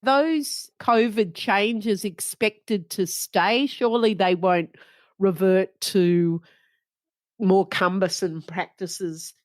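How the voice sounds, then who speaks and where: A woman moderating a roundtable discussion, brisk and friendly as she hands over to guests. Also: mid-range voice, no room sound, clean studio sound. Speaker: host.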